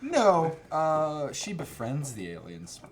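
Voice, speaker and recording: A man's voice: on the high side, huge pitch swings, slow pace, a little hiss or hum. A young man chatting casually and jokingly about films, acting out scenes and laughing. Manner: jokey, acts out scenes in mock voices, laughs a lot. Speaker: co-host. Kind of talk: casual comedic movie chat.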